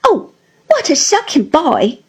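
A woman's voice: high voice, huge pitch swings, slow, darkish tone, voice pushed up, exaggerated voice. A woman voicing a timid, coaxing young wife in a storybook reading, with a childlike, pleading manner.

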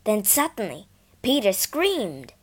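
A woman narrating a children's storybook slowly and expressively. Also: medium pitch, slightly rough. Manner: slow and expressive.

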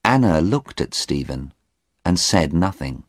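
A man reading an easy-English audiobook in a slow, deliberate scripted narration. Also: sits low, big pitch swings, dry recording, studio quality.

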